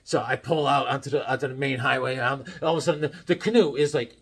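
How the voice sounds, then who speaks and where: Husky, rambling middle-aged man. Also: medium pitch, fairly even intonation, fast. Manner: rambling, jokey storyteller. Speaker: comic book collector vlogger. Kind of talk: casual show-and-tell chat.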